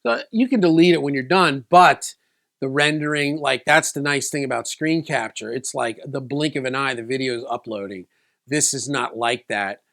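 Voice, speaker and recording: A man's voice: medium pitch, normal speed, creaky, a bit bright. A man in a casual vlog, telling a personal story in a loose, rambling way with many restarts. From South Florida. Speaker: video creator.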